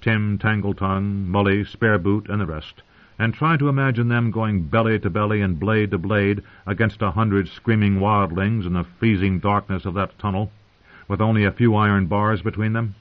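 Grave male fantasy narrator, low voice, lo-fi phone-like sound. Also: fairly even intonation. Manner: measured, grave storytelling. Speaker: audiobook narrator. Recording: tinny phone-like audio.

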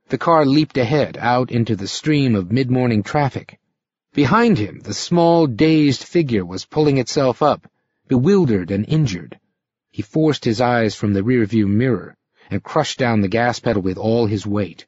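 A male narrator reads an audiobook with a lively, rising-and-falling delivery and a slightly husky voice. The sound is dry and close, a little muffled at the top. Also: mid-range voice, unhurried, dry recording. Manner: expressive, dramatic reading.

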